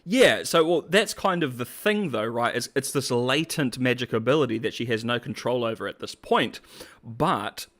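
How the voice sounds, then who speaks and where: A man with a Cockney accent giving casual, rambling commentary as a host, full of restarts and quick laughs. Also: mid-range voice, expressive, a bit bright. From England.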